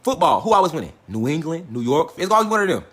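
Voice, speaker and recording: Man, casual livestream lecture, fairly high voice, swears a lot, emphatic, quizzes the viewers. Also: big pitch swings, quick pace. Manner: profane, emphatic, repeats "facts" and "all right"; talks directly to viewers, asks them questions. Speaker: online lecture host.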